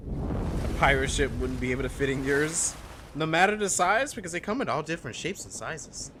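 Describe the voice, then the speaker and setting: Casual male streamer, animated pitch, talks to chat, steady background noise. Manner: chatty, reacting to chat, quick laughs. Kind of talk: casual gameplay commentary.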